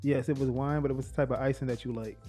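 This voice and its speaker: A young man co-hosts a casual podcast with his partner, laid-back and laughing, speaking with a Black way of talking. His mid-range voice is warm with fairly even intonation, he races along, and faint music plays behind him.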